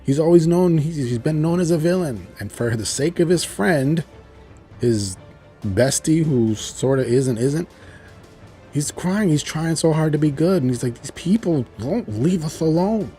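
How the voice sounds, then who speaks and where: Mellow-voiced man excitedly recapping a show. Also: a little high, unhurried, faint music behind. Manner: enthusiastic, rambling storytelling with frequent "like" and "you know". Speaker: TV show reviewer. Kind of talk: casual recap of a TV episode.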